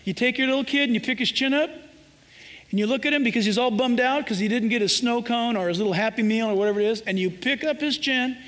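A man's voice: extremely high pitch, fast talker, a bit bright. A man from Southern California preaching a sermon, emphatic and conversational, acting out little scenes as he goes. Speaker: pastor. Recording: preacher in a reverberant hall.

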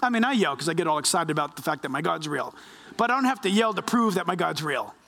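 A man preaching a sermon as pastor, animated and acting out quoted voices. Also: a little high, fast talker, vocal fry, long reverb tail.

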